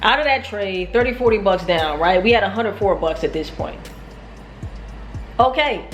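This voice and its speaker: A woman's voice: medium pitch, expressive, normal speed, long pauses, echoey room, soft background music. A woman telling a casual, profane, self-mocking story about her day trading. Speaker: trading vlogger.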